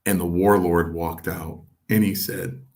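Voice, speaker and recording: A man's voice: sits low, unhurried. An older man, a former pro wrestler, telling stories in an interview and animatedly acting out what others said. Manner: animated anecdote-telling, voicing others in quotes. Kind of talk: storytelling in an interview.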